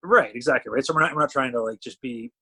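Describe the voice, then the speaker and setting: A man from Canada tells stories on a podcast at a rapid clip, his voice slightly husky. He's animated and acts out what everyone said, hopping between quoted voices in casual chat. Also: mid-range voice. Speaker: talent management CEO, podcast guest.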